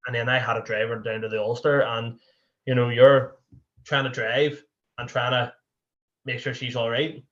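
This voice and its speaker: A man's voice: mid-range voice, flat delivery, moderate pace, a bit bright, dull audio. Northern Irish man telling a rambling story. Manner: rambling, full of "you know" fillers and restarts. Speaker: podcast guest. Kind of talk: candid personal storytelling.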